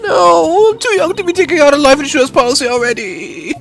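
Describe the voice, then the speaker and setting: A man voicing an energetic young woman lawyer who complains in quick, exasperated bursts. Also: very high-pitched, creaky, faint music behind, voice pushed up, heavily acted. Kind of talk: fan voice-over of a video game.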